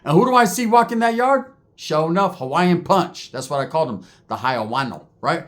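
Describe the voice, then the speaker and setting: Slangy man, higher voice. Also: animated. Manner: slangy, profane, mixes in Spanish words; acts out other people's lines in quick voices. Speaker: storyteller recounting prison life. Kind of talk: casual storytelling.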